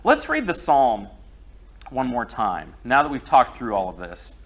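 A man's voice: mid-range voice, huge pitch swings, measured pace. Man preaching a personal sermon. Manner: personal storytelling, conversational.

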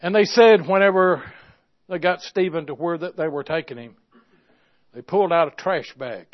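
High-voiced guy preaching, stories told soft then shouting them home, muffled old recording. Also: moderate pace. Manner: swings from hushed storytelling to loud impassioned preaching. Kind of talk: sermon with stories. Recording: dull lo-fi recording.

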